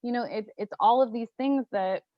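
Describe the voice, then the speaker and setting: A woman's voice: fairly high pitch, normal speed, dry recording. A woman hosting an interview, talking bluntly and frankly in a casual way. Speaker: host. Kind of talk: candid interview talk. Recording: dry, slightly muffled lo-fi audio.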